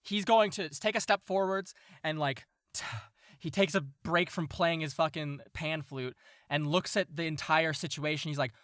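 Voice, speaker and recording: Excitable guy running a tabletop game, laughs a lot, bright dry sound. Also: a little high, moderate pace, no echo. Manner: laughs often, excited and loose, swears casually. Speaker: game master.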